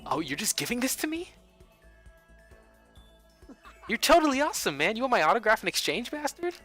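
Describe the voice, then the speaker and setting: A brash teenage baseball ace who swears freely and brags without shame, as a man reads his game lines in a raised voice. His delivery swoops up and down, bright and lively. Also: quick pace, soft background music, exaggerated voice. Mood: smug. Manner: brash, swears casually, higher voice. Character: cocky teen boy baseball star, brash and whiny. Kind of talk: reading game dialogue aloud.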